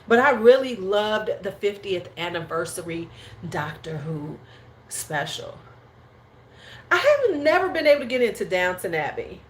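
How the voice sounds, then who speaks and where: A woman's voice: medium pitch, big pitch swings, a little slow. A woman hosting a casual livestream chat at home, rambling and slangy. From United States. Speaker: host.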